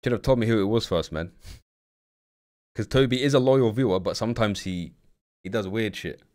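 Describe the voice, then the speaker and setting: A man's voice: fairly low pitch, normal speed, a little mellow. A young man streaming live, blunt and slangy, swearing freely as he chats with viewers. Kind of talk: casual live-stream commentary.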